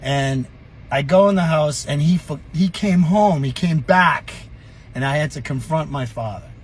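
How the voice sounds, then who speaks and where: A middle-aged man spins a tale from his past with lively, profane energy. His voice sits a little high for a man and carries a husky rasp. He talks in a casual, unscripted vlog style. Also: a little slow. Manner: animated, profane, chuckling storyteller. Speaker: storyteller.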